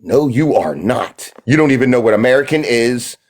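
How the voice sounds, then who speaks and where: A man's voice: medium pitch, animated, moderate pace. Confrontational man on a live stream. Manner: confrontational, mocking, repeats phrases. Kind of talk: heated live-stream argument.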